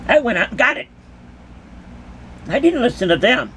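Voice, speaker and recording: A woman's voice: fairly high pitch, sing-song, moderate pace, long pauses, a little hiss or hum. A woman who dances at concerts giving an impassioned, emphatic monologue to her critics, full of repeated rhetorical questions.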